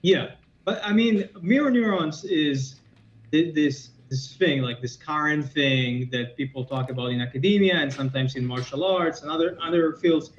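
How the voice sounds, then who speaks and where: A man, a martial arts teacher, explaining ideas and telling stories quickly as a podcast guest over a remote call. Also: a little high, a little hiss or hum. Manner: quick, explanatory, storytelling with asides. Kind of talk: podcast interview. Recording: echoey, dull lo-fi sound.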